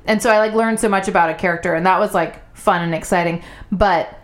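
A woman's voice: medium pitch, fairly even intonation, fast talker. Rambling, playful woman writer. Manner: rambling, playful, breaks off and restarts. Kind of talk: casual chat.

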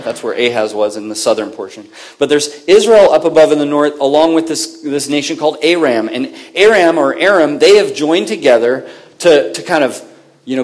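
A man as pastor, preaching a sermon in a conversational storytelling way, lively and often correcting himself mid-sentence. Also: mid-range voice.

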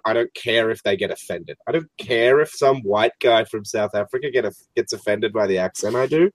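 A man's voice: mid-range voice, dry recording. A man in casual chat, rambling and searching for words as he talks.

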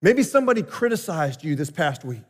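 A male pastor delivering a sermon, emphatic and swinging between loud and quiet passages. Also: on the high side, sing-song, brisk. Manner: emphatic, rising and falling delivery. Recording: long hall reverb.

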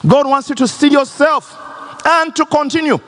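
Preacher guy with a high voice, fired up, voice dropping low then jumping high, big church echo. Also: moderate pace, a bit bright. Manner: impassioned preaching, swinging between high and low registers. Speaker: pastor. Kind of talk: sermon. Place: large church hall. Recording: long church reverb.

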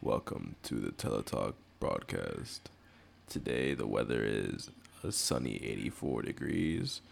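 A man putting on a smooth deep announcer voice. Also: lively intonation, slight background noise, exaggerated voice. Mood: mock-seductive. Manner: slow, smooth, mock-seductive. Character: suave deep-voiced male broadcast announcer.

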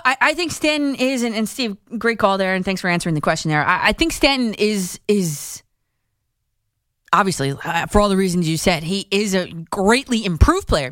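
A woman hosting a call-in sports radio show, giving quick, emphatic opinions with frequent restarts. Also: medium pitch, fairly bright tone, no echo, clean studio sound. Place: radio studio.

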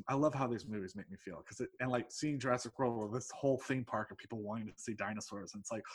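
A man who teaches English telling a personal story in a rambling, excitable way, swearing freely and laughing mid-sentence. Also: medium pitch, breathy edge. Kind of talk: casual anecdote telling.

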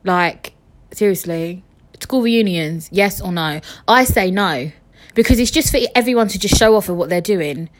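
A young woman chatting casually on her podcast, frank and jokey, swearing freely and talking straight to her listeners. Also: normal speed. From England. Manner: lively swings in pitch and loudness. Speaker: podcast host.

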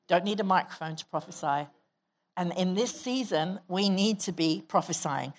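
Lady pastor preaching in church, kinda low voice, leading everyone in prayer. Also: normal speed. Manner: exhorting, leads the congregation in prayer. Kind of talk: sermon with prayer and prophecy. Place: church hall.

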